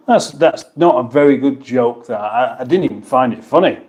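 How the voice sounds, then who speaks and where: A British man at an ordinary middle pitch hosts a casual livestream. He rambles, reads out viewers' comments and answers them with dry, teasing banter. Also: expressive, normal speed, a little mellow. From United Kingdom. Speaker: livestream host.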